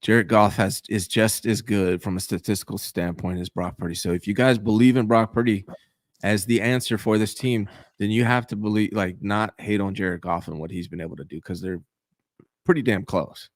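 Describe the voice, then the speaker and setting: A man's voice: fairly even intonation, normal speed, no room sound, studio quality. A man co-hosting a casual sports talk show, making emphatic points about team strengths. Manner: emphatic, analytical, drops to low mutters. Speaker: podcast co-host.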